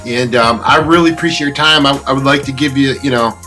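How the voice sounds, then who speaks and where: A man's voice: medium pitch, fast, faint music behind. A man hosting an interview show, chatting casually and enthusiastically with his guest over a remote call. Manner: relaxed, enthusiastic, loose wording with fillers. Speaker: interview host. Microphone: remote call from home.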